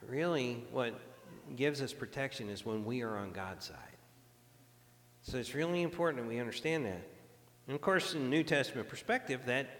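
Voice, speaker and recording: A man's voice: mid-range voice, a bit bright, in a large hall. A man preaching a sermon in an earnest, conversational way, often restarting his phrases. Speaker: pastor.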